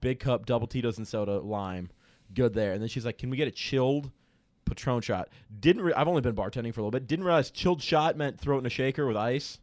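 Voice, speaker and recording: A man's voice: mid-range voice, fast, darkish tone, dry recording. A young man casually telling a rambling, profanity-laden story as a podcast co-host, with many restarts. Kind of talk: casual chat.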